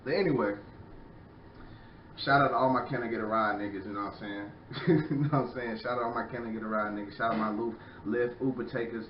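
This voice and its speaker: This is a young man on a casual podcast whose medium-pitched voice stays fairly even while he talks quickly. He rambles and curses through his rant, often repeating "you know what I'm saying," recorded with slight background noise far from the mic in a dull, echoey room.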